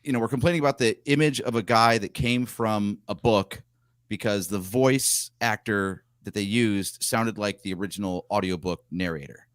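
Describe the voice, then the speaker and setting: A man's voice: on the low side, moderate pace, dry recording, clean studio sound. A man co-hosting a casual fan podcast, talking in a chatty, opinionated way. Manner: chatty, opinionated, shares pictures on screen. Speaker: podcast co-host. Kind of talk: casual chat.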